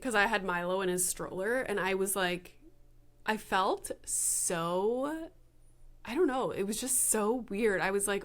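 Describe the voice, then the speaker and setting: A woman's voice: mid-range voice, animated, a little slow, a bit bright. A young adult woman hosting a solo podcast, talking casually and frankly with swearing and many fillers. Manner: frank and chatty, swears freely. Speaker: podcast host.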